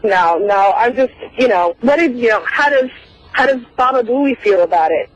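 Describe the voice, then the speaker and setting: A woman's voice: on the high side, expressive, moderate pace, no room sound. A woman calling in to a radio show, complaining and pressing her point. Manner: complaining, insistent. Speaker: caller. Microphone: telephone. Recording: dull, dry phone line.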